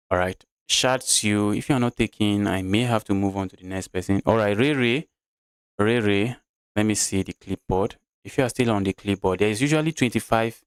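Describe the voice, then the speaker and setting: Chess streamer, male, Nigerian English accent, low smooth voice, chatty live commentary, dry close sound. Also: dry recording. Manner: chatty, talks through moves and reads chat aloud.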